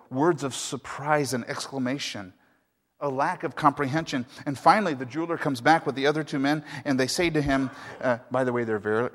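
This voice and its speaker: A man's voice: medium pitch, a bit bright. A man pastor preaching a sermon, telling a story in a conversational way with asides to the congregation. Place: church sanctuary. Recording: echoey hall reverb.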